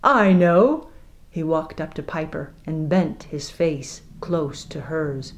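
Slow, measured woman narrating a story. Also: low-pitched, fairly even intonation, darkish tone. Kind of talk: audiobook narration.

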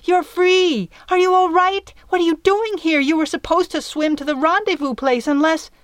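A woman voicing a frantic, excitable young girl. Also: very high-pitched, moderate pace, no echo, clean studio sound, voice pushed up.

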